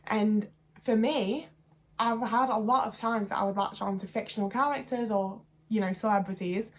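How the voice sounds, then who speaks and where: A woman in her twenties talking to camera in a casual vlog, chatty and rambling with lots of fillers and self-deprecating asides. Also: medium pitch. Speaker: vlogger.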